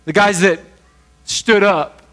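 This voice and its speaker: A man preaching a sermon as pastor, talking conversationally and briefly acting out the people in the story. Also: high-pitched. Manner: conversational, animated, acts out quick voices.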